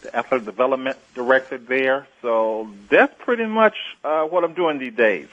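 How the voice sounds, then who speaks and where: Man guesting on an interview, halting and repetitive starts, dull lo-fi archive sound. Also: medium pitch, animated, fairly bright tone. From Mississippi, USA. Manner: hesitant, repeats words before getting going. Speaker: interview guest, former pro basketball player.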